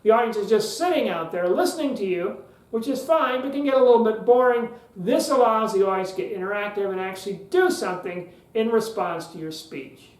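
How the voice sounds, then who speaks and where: A man giving a public speaking lesson on a podcast, explaining clearly and stretching words for emphasis. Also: sits high, animated, brisk, roomy sound, rough recording. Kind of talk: podcast teaching talk.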